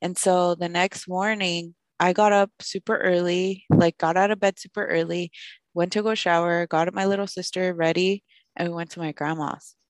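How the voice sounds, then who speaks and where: A young woman podcast host telling a personal story in a casual, animated way, with lots of "like". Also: lowish voice, normal speed, no echo. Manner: animated, fills speech with "like", acts out quoted voices.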